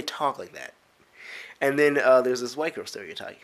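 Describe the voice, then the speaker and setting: A man's voice: mid-range voice, expressive, moderate pace. A young man in his teens, rambling casually to camera in a vlog, full of filler words, restarts and giggly asides. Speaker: vlogger.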